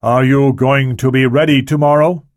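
A man voicing a calculating, controlled male plotter who speaks slowly and in a measured way. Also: mid-range voice, steady tone, no echo, clean studio sound, pitched above the performer's own voice, natural voice.

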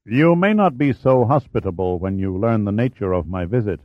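A man's voice: fairly low pitch, lively intonation, moderate pace, no room sound, lo-fi sound, close to an everyday voice. A man doing a courteous naval commander. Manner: formal, polite, smooth.

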